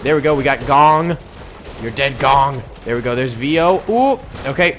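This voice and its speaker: Young man, gaming commentary, lively swooping voice, sudden loud yells, casual slang. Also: medium pitch, moderate pace, slight background noise. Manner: excitable, bursts of loud yelling, casual slang. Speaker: gaming YouTuber. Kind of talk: excited gameplay commentary.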